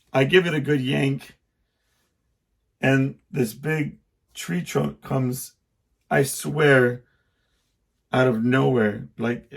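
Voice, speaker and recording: On his podcast, a middle-aged host rambles through a personal story in casual monologue form, cutting himself off and performing the quotes. He speaks in a creaky, medium-pitched voice.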